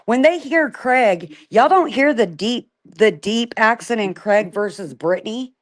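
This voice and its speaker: A woman on a casual live-stream panel talks in a lively, slangy way. She jumps in quickly and often talks over the others. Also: a little high.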